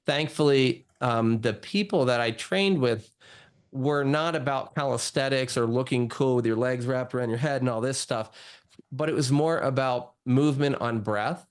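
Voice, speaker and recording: A man's voice: mid-range voice, normal speed, clean tone. Chatty man telling his story. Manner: chatty, lots of "like" and "you know". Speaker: guest doctor. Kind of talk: casual storytelling interview.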